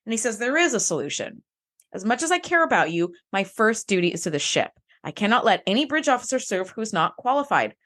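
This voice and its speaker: A woman's voice: medium pitch, big pitch swings, a little fast, fairly bright tone. A woman co-hosting a podcast, chatting casually and acting out characters' lines with animation. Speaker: podcast co-host. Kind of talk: casual recap chat.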